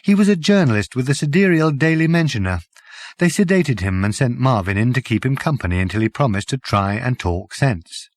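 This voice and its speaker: A man narrating an audiobook with expressive storytelling. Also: medium pitch, fairly quick, dry recording.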